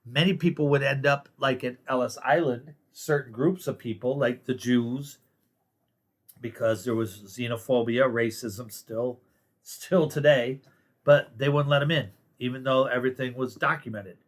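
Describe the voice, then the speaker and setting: A man's voice: mid-range voice, fairly even intonation, moderate pace. Host, male, American. Blunt, opinionated monologue, casual and sarcastic, mid-range voice. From United States. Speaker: political commentary host.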